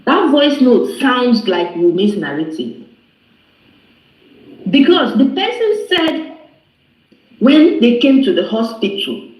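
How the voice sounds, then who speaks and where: A man with a high, lively voice quizzes the others in a casual group discussion. He talks in an animated way, and his audio sounds echoey. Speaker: panelist. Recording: echoey online call.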